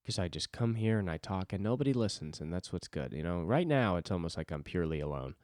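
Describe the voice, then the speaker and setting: A man's voice: low-pitched, sing-song, quick pace, a little mellow, no room sound, clean studio sound. A man, a stand-up comic and podcast host, rambling alone at a desk in a loose, self-deprecating way and swearing freely. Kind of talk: solo rambling podcast monologue.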